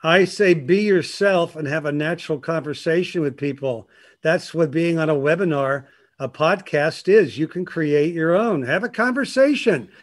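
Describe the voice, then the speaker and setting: An older man, a guest on a talk show, telling stories in a lively, animated way and laughing often. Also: on the high side, normal speed. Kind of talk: casual interview chat.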